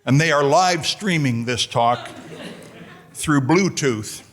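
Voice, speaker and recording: A man's voice: fairly high pitch, slow pace. A middle-aged American man from New Jersey, introducing a colleague at a formal lecture with dry, self-deprecating humor. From United States, New Jersey. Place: lecture hall.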